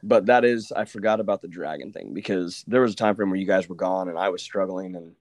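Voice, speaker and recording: A man from Oklahoma hosting a casual podcast chat, telling stories with lively asides and mimicking the people he quotes. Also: deep voice, fast talker, dry recording. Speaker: podcast host.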